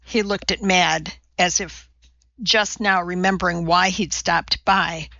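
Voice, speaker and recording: Woman reading a novel out loud, slow and bright, dry slightly muffled sound. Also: lowish voice, fairly even intonation, vocal fry, no echo. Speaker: audiobook narrator. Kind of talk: scripted novel narration.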